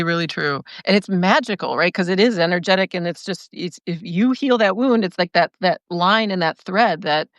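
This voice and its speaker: A woman's voice: lowish voice, no room sound. A woman hosting a podcast, chiming in with enthusiastic agreement and affirming reflections. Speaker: podcast host. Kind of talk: casual conversation.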